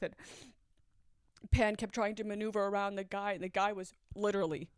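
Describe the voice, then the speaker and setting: A woman's voice: medium pitch, fairly even intonation, a little fast, no room sound, clean studio sound. A woman telling her own story in a candid, reflective way and laughing nervously at moments. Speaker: storyteller sharing a personal story. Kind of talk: confessional personal storytelling.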